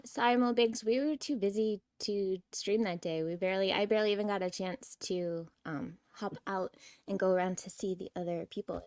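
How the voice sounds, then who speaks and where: A woman's voice: medium pitch, darkish tone, dry recording, studio quality. A woman co-hosting a casual livestream chat, talkative and greeting viewers from the chat. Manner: chatty, reads out chat messages, babbles. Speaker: livestream co-host.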